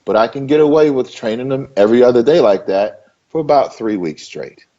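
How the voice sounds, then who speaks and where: A Maryland bodybuilder, interviewed as a guest, speaks at a medium pitch with a brisk, expressive, warm voice. He talks casually and emphatically, repeating himself for stress in a loose, conversational way. The sound is lo-fi.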